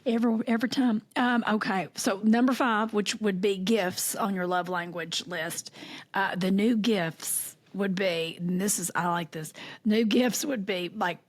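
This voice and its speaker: Husky Southern woman, chatty podcast co-host. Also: mid-range voice, measured pace. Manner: animated storyteller, folksy, uses y'all. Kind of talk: casual chat.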